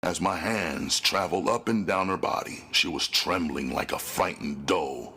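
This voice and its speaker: Narrating a gritty first-person audiobook, this man has a very deep, gravelly voice whose bright, forceful tone stands out. His husky delivery and unhurried pace lend the reading a cold, menacing weight.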